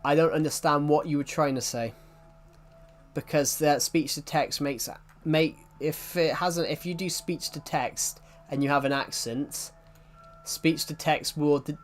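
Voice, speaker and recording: A man's voice: on the high side, fairly even intonation, measured pace, soft background music. A young man with a mixed English and Welsh accent, chatting casually with viewers on a live stream. He rambles and restarts his sentences. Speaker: livestreamer reading chat.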